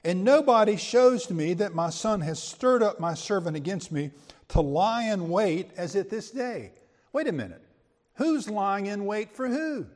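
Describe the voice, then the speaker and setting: In a large hall, a male preacher with a high, animated voice, slightly mellow and unhurried, teaches a Bible sermon verse by verse. His style is conversational, full of quips and rhetorical questions.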